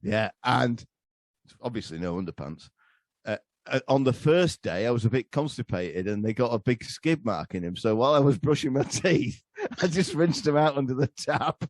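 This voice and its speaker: Man, podcast guest, crude rambling stories, animated pitch, dry close sound. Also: moderate pace, dry recording. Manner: crude, rambling, laughing storyteller. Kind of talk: casual crude podcast chat.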